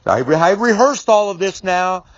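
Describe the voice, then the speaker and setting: A man's voice: sits high, animated, normal speed, no echo, lo-fi sound. A middle-aged man telling a personal story straight to camera, casual and rambling, with many restarts, mild swearing and firm, emphatic repetition. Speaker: business speaker. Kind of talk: storytelling video monologue.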